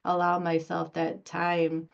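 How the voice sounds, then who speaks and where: A woman's voice: on the low side, completely flat delivery, slow pace, creaky, dull audio. A woman taking part in a workshop, thinking aloud as she asks the speaker a question. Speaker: workshop participant.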